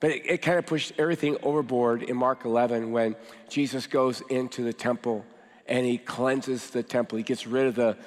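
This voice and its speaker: A man with a cold, his voice deeper than usual, giving a sermon as pastor to his church with casual joking asides. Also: steady tone, moderate pace. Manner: joking, conversational preaching with fillers. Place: large church hall. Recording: long hall reverb.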